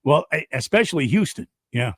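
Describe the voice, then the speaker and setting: A man co-hosting sports talk radio, chiming in with quick interjections and agreement. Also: fairly high pitch, very animated, slightly rough, dry recording, clean studio sound. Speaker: radio co-host.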